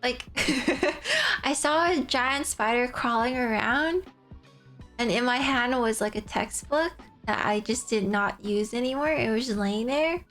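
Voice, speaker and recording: High-voiced giggly young woman streamer. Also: measured pace, faint music behind. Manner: rambling, giggly, animated storytelling. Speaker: livestreamer. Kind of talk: casual stream chat.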